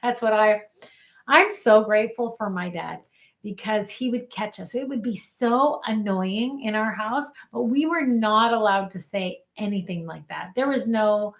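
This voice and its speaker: A woman's voice: medium pitch, measured pace. A woman life coach giving an earnest live teaching, often calling out questions to her audience. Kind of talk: live online coaching talk.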